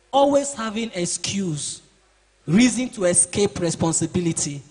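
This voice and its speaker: In a reverberant hall, a man with a high, husky voice gives a motivational seminar to teenage boys, speaking in an animated but unhurried way. He's preachy, asking the class questions and acting out their excuses.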